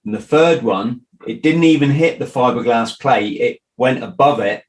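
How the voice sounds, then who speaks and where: A man's voice: mid-range voice, normal speed, rough recording. A middle-aged man hosting a podcast, talking in a loose, rambling way with restarts and the odd swear word. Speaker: podcast host. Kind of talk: casual interview chat.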